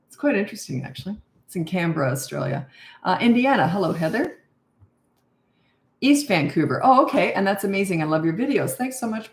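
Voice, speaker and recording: A woman's voice: mid-range voice, a little mellow, roomy sound. An older woman, a parenting coach, chatting casually on a livestream and greeting viewers by name as she reads their comments. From Canada.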